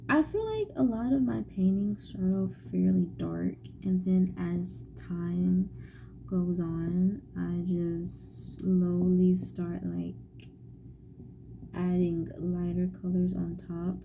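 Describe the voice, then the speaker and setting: A young woman vlogging casually as she paints at home, musing softly and often half-whispering to herself. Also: on the low side, steady tone, takes it slowly, gravelly, a little hiss or hum, rough recording. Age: young adult. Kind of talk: casual chat while painting.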